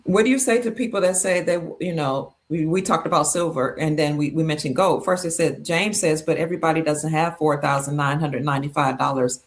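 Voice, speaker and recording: A woman with a somewhat low voice hosts a casual podcast, putting questions to her guest and murmuring along as he talks. She speaks in an easy, conversational way. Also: brisk, few pauses. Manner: interviewer, many listening murmurs. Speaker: podcast host.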